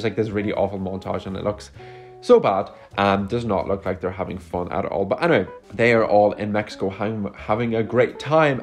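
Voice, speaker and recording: Casual male vlogger, lowish voice, sarcastic rambling review, phone mic, faint music bed. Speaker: movie reviewer. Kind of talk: casual vlog movie review. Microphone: phone microphone.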